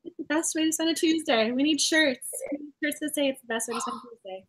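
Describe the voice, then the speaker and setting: A woman co-hosting a casual romance book discussion, animated and laughing often. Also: high-pitched, fast talker. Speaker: book club co-host.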